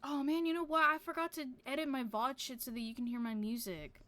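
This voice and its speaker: A woman's voice: sits high, fairly even intonation, brisk, pushed and bright, no echo. A woman streamer chatting casually to her viewers, rambling with lots of fillers and casual swearing.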